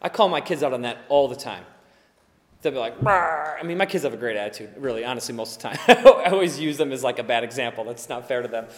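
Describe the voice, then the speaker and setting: A male pastor preaching a sermon in an animated, conversational way, shifting between loud emphasis and quiet asides. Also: mid-range voice, fast. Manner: conversational, with occasional laughs and fillers. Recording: long hall reverb.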